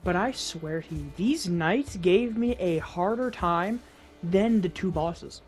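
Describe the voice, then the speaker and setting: Animated woman narrating her gameplay. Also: fairly low pitch, takes it slowly, faint music behind. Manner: exasperated, self-mocking, swears casually. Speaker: gaming YouTuber. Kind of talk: casual gameplay commentary.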